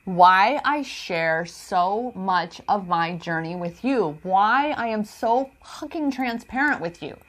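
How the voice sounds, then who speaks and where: A woman talking in a personal vlog, emotional and confiding, using spiritual self-help language and calling her viewers goddess. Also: medium pitch. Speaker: empowerment coach.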